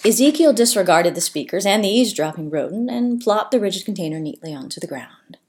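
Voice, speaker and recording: A woman narrating a comic story in an expressive, playful way. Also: mid-range voice, fast talker.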